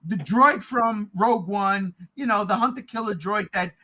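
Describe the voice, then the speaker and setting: A middle-aged man co-hosting a casual podcast, ranting in a heated, profane way and often shouting. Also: sits high, moderate pace, slight background noise, low-quality recording. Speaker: podcast co-host.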